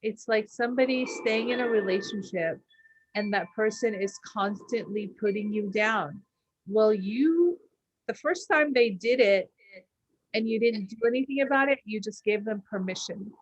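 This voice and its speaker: A woman's voice: mid-range voice, normal speed, poor audio. Earnest woman coaching on a podcast. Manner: earnest, animated, acts out quotes with laughs. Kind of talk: motivational talk.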